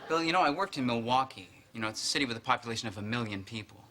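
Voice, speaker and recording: A man's voice: medium pitch, animated, racing, bright, forceful tone. An actor playing a polite young male office boss who slips in dry sarcasm, from a sitcom. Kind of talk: sitcom acting. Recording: noisy TV episode with clicks.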